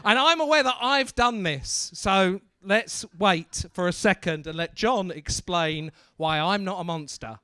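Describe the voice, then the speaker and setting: High, bright-voiced comedy club MC. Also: male voice, a little slow, hardly any pauses, clear, resonant tone, dry recording, studio quality. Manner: loud, swearing, self-mocking banter. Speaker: stand-up comedy MC. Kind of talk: crowd work between acts.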